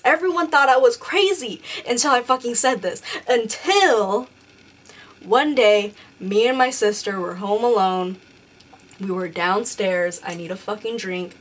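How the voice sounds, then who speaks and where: A woman's voice: on the high side, unhurried. A young woman telling a ghost story in a casual vlog, rambling and swearing constantly. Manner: profane, rambling, animated storytelling. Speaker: beauty vlogger.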